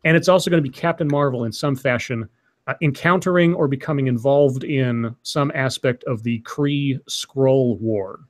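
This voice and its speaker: A man with a middle-pitched voice co-hosts a casual live stream. He is chatty and likes to explain topics at length. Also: moderate pace. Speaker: stream co-host.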